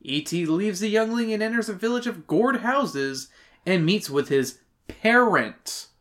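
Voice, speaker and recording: A man reading out chapter summaries on a casual podcast, breaking off for crude jokes and plenty of swearing. His pitch swings up and down a lot as he talks. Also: animated, measured pace, fairly bright tone. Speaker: podcast co-host. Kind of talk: casual book-review chat.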